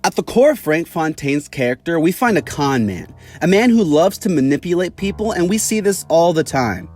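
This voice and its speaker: A young man hosting a casual video review, his voice sitting fairly high. He talks in a chatty, opinionated way, with light music playing behind him. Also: expressive, moderate pace, darkish tone. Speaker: YouTube villain reviewer.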